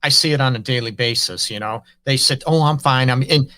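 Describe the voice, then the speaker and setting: A man hosting a conversational interview as a relationship counselor speaks earnestly and frankly in loose run-on phrases. His voice is medium-pitched, brisk, and sharp-toned.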